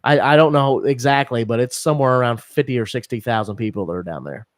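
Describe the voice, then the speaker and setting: A man's voice: mid-range voice, fast talker, no room sound, clean studio sound. A man in his thirties co-hosting a podcast, telling a long story with lots of swearing and laughter. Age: 30s. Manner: rambling, profane storytelling with frequent laughs. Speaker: podcast co-host. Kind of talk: casual podcast banter.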